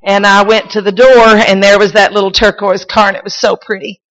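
A woman preacher, shouting and crying out in a sermon, then telling folksy stories with many restarts. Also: mid-range voice, little pitch movement, brisk, poor audio. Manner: folksy storytelling with repeats and restarts. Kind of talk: sermon with personal testimony.

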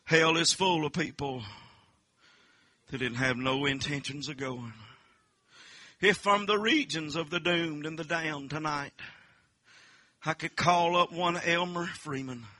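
Fiery preacher, high-pitched. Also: male voice, unhurried, pauses often, dry recording. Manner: swings from hushed storytelling to shouted pleading; sing-song preaching cadence. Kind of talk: revival sermon with altar call. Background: music.

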